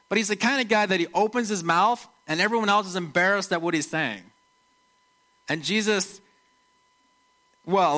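A man gives a relaxed, chatty sermon in a bright, ringing voice pitched a little above average. He slips into short impressions of the people in his stories. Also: poor audio. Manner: conversational, animated, acts out quotes. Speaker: preacher.

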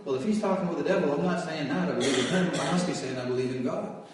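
A man's voice: fairly high pitch, racing, background noise. A man giving his testimony as a sermon, telling his story and raising his voice at its peaks. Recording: echoey hall from far off.

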